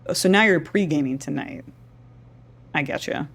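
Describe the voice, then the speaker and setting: Playful woman streamer, low voice. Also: normal speed, slightly rough. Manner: playful, joking asides. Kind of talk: casual live-stream commentary.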